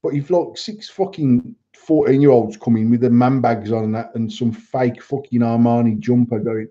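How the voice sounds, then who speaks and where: A man's voice: medium pitch, steady tone, normal speed, hardly any pauses, mellow. A middle-aged man, co-hosting a podcast in blunt, sweary, rambling banter. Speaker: podcast co-host, vape shop owner. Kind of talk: casual banter. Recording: dull lo-fi sound.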